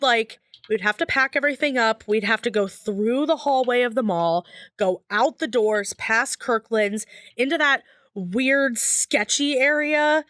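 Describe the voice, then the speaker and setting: Bright, high-voiced young woman storyteller. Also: dry recording, clean studio sound. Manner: animated, laughs often, acts out voices in her story. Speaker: podcast guest. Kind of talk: casual storytelling.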